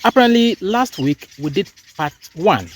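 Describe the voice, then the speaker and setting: Ghanaian guy lecturing on politics, lively up and down voice, repeats stuff to hammer it home, faint birds and crickets behind. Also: sits high, normal speed, a little hiss or hum. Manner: emphatic, repeats phrases for stress. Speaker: host. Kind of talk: political commentary.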